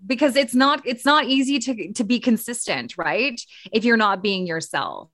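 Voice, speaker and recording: A woman's voice: on the high side, expressive, moderate pace, fairly bright tone, dry recording, studio quality. A Canadian woman co-hosting a podcast, sharing speaking tips in a casual, conversational way with fillers and restarts. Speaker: podcast co-host and radio broadcaster.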